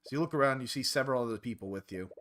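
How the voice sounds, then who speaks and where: A man's voice: medium pitch, rapid-fire, slight background noise. A man streaming a visual novel, reading its narration aloud. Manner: expressive narration. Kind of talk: reading game text aloud.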